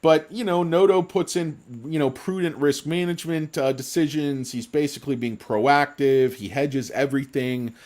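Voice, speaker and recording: A man's voice: fairly high pitch, moderate pace, few pauses, a little mellow. A man hosting a casual stock market show, ranting in a profane, sarcastic, rambling way with comic insults. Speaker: stock commentary host.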